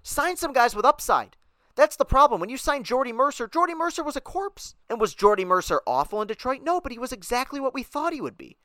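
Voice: high-pitched, big pitch swings, a little fast, sharp tone, no room sound. Ranting sports podcast host, dry sound. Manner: ranting, heated and sarcastic. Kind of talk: sports talk podcast monologue.

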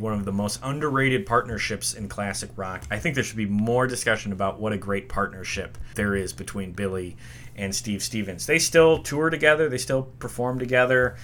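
A man's voice: on the low side, fairly bright tone, a little hiss or hum. A man hosting a music history podcast, reading a script in an enthusiastic, opinionated way. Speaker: podcast host.

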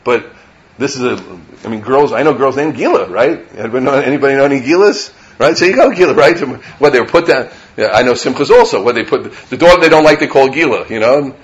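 A man's voice: medium pitch, animated, fast. A middle-aged man, a rabbi, gives an informal Torah lecture to a live audience. He talks conversationally, keeps asking "right?", and mixes Hebrew and Yiddish terms into his English. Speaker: rabbi teaching a class.

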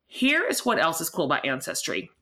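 A woman's voice: deep voice, huge pitch swings, brisk, sharp tone. A woman hosting a podcast interview, speaking with effusive enthusiasm and also reading an ad. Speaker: podcast host. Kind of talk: warm conversational interview and read ad.

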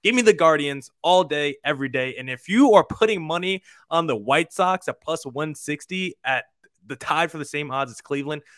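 A man co-hosting a sports talk show, giving emphatic, quick opinions. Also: on the high side, expressive, a bit bright, dry recording, studio quality. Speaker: podcast co-host. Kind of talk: casual sports chat.

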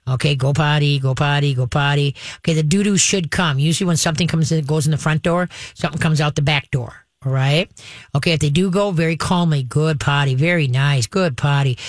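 A woman hosting a call-in radio show, giving step-by-step dog-training advice in a brisk, instructive way and checking in with "okay?" often. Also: sits low, steady tone, dry recording.

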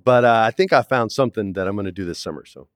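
Animated man telling stories, dry room. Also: lowish voice, rapid-fire, clean tone, no room sound. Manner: animated storyteller, acts out quotes, says "man" often. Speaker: actor, interview guest. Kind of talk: casual storytelling interview. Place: studio, in person.

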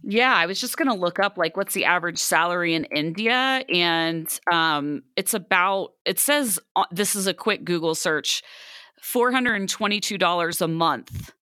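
A woman co-hosting a podcast in casual chat, emphatic and quick to laugh. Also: fairly low pitch, lively intonation, sharp tone, smooth, no room sound, clean studio sound. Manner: chatty, laughs often, emphatic. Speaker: podcast co-host.

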